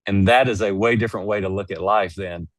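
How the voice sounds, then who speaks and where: A man's voice: on the low side, fairly even intonation, quick pace, no echo. A man speaking as a guest in an interview, making his points with emphatic, preachy storytelling. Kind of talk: casual interview conversation.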